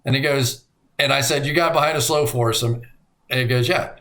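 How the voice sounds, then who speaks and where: A middle-aged man co-hosting a podcast in casual chat, telling stories with lively acted-out quotes. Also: brisk. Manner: animated storyteller, acts out quotes with big pitch jumps. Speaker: podcast co-host.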